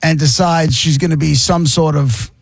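A man's voice: on the high side, steady tone, moderate pace, creaky, husky, no room sound, clean studio sound. A male radio host chatting casually on air, telling a rambling story with restarts.

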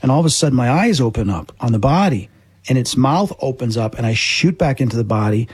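A man hosting a casual chat, sharing his own story in an animated, repetitive way. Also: mid-range voice, quick pace, breathy edge, dry recording. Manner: animated storyteller, repeats himself.

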